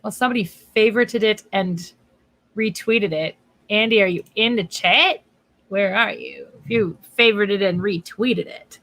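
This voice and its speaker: A woman's voice: medium pitch, moderate pace, fairly bright tone, poor audio. A woman author chatting casually on a livestream from home, talking to her dog while she waits for viewers.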